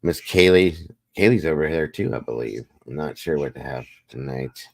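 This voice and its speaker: A man's voice: a bass voice, moderate pace, creaky, dry recording. A man hosting a casual livestream, chatty and rambling, greeting and thanking viewers by name. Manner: relaxed, rambling, reads chat aloud. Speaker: livestream host.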